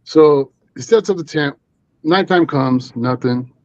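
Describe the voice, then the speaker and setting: A man's voice: a little high, a little slow, a little mellow, dull audio. A man telling a story as a guest on a live stream, rambling with many fillers and restarts. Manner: rambling, full of 'you know' and restarts.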